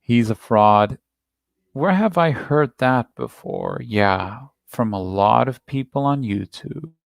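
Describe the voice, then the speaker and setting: A man's voice: medium pitch, animated, takes it slowly, creaky, dry recording. A man hosting a reaction video, talking through a played clip in a rambling, repetitive, defensive way. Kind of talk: casual commentary on a played clip.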